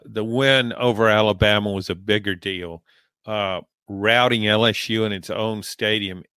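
A man from Louisiana talking as a college football analyst in sports talk, measured and reflective, with frequent fillers. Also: on the low side, sharp tone, clean tone, no room sound, studio quality. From Louisiana, American South.

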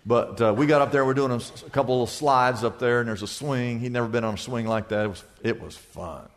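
A man's voice: mid-range voice, brisk, in a large hall. An older man preaching a sermon as pastor, emphatic, piling up rhetorical questions.

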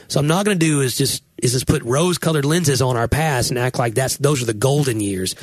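Earnest husky-voiced pastor. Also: male voice, medium pitch, animated, fast, dry recording. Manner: earnest, reflective, frequent restarts. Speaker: pastor and podcast host. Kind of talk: casual podcast conversation.

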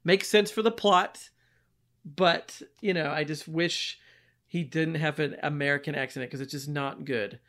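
Podcast co-host: a higher-pitched man, lively and quick to laugh, chatting about movies. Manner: animated, laughs often, mocks accents. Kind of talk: casual movie review chat.

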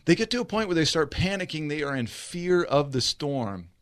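A man preaching a sermon as a pastor. He tells the story vividly, acting out the scenes, and swings between rushed and slow delivery. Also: on the high side, very animated, a bit bright.

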